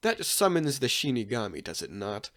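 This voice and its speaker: A calm, menacing death spirit, as a man puts him on. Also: medium pitch, normal speed. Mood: ominous calm. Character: menacing male death spirit inside a boy. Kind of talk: casual fan story retelling.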